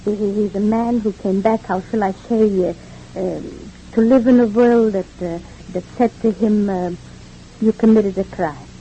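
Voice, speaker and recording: A woman's voice: mid-range voice, fairly even intonation, unhurried, mellow, a little hiss or hum, natural voice. Woman playing a rambling immigrant mother with a lilt. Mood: chatty. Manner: stammering repeats, rambling and philosophizing. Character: talkative kindly immigrant mother, fussing hostess. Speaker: mother of the family. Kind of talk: 1940s radio acting. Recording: dull old radio recording.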